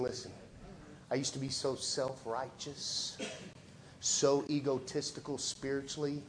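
A male pastor delivering a sermon in an emphatic, conversational way, swinging between loud lines and hushed ones. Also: mid-range voice, a little hiss or hum.

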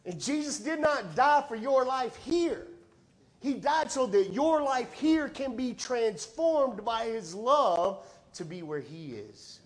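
A middle-aged man preaching a sermon as a pastor, telling stories conversationally and swinging between quiet, low lines and loud, high ones. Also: expressive, slow. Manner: conversational storytelling with repeated words.

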